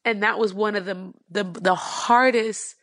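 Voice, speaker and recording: A woman's voice: medium pitch, steady tone, measured pace, fairly bright tone, no room sound. Woman, interview guest, earnest, filler-heavy, dry close sound. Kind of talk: emotional personal storytelling.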